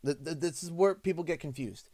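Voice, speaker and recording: A man with a Canadian accent, hosting a livestream and telling a casual story in an animated, exasperated way. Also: a little high, fairly quick, no room sound, clean studio sound. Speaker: livestream host. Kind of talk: casual storytelling while streaming.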